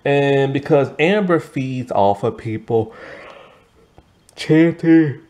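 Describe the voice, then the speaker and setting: A man's voice: medium pitch, very animated, a little slow, a little mellow. A man casually reviewing a cartoon episode, rambling with lots of fillers and self-corrections, a little tired. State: tired, yawning. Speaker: show reviewer.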